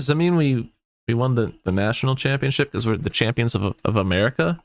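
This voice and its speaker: A man commenting on his own football video game dynasty, excitable and swearing often as his mood swings between hype and outrage. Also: mid-range voice, fast, dry recording, soft background music. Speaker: gaming YouTuber. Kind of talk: let's play commentary.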